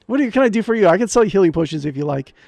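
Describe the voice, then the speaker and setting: Man doing a snarky high healer lady. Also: expressive, racing, gravelly, darkish tone, no echo, full character voice. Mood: chatty. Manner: sweet then suddenly profane. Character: snarky female village healer, chatty and protective.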